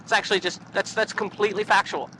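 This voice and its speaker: A woman's voice: medium pitch, steady tone, fast, background noise. A woman riding a motorcycle, joking and swearing through casual ride commentary into a helmet mic. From Canada. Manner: joking, profane and rambling. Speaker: motorcycle vlogger. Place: outdoors riding a motorcycle on country roads.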